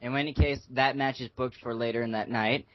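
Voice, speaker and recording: A man's voice: medium pitch, steady tone, brisk. A man co-hosting a podcast in casual chat, recapping with jokes. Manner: joking recap of storylines. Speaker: podcast co-host. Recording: dull, dry lo-fi audio.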